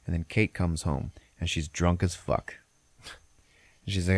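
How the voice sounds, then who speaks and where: A man's voice: low-pitched, steady tone, unhurried, long pauses, no room sound. A man hosting a podcast, retelling a film plot in a loose, profane, rambling way. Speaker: podcast host. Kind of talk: casual film recap.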